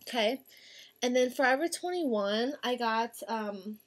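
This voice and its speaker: A young woman vlogger chatting casually through a shopping haul, gushing over her finds with drawn-out words. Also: a little high, expressive. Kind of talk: casual haul video chat.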